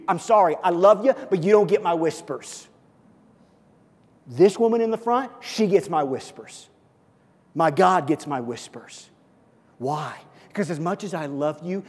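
A man preaching a sermon in a church, his fairly high voice trailing into a long reverb. He builds to loud, emphatic peaks and then drops into a soft near-whisper. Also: slightly rough. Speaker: pastor. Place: church sanctuary.

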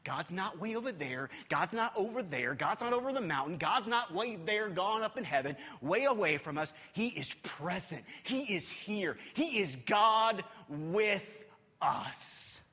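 A man preaching a sermon as pastor in a church hall. He is emphatic and swings between loud and hushed, repeating words as he gathers his thoughts. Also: high voice, expressive, normal speed, few pauses, breathy edge.

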